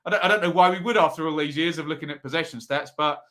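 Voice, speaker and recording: Male host, bright-toned, casual live-chat delivery, reads comments aloud. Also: fairly high pitch. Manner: chatty, reads out viewer comments, quick asides. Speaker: football predictions show host. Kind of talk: live-stream chat with viewers.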